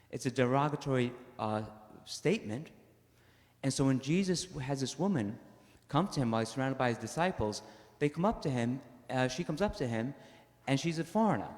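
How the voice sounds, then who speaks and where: A man's voice: mid-range voice, a little mellow. A man, a parish priest giving a chatty, story-filled homily with lots of "uh" fillers. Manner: storytelling, acts out quotes, many "uh" fillers. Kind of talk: conversational homily. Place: church. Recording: reverberant church hall.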